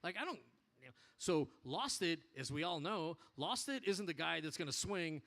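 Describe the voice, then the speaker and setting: A man addressing his motorcycle club in a bar, telling an animated, profane story in casual speech. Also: a little high, normal speed.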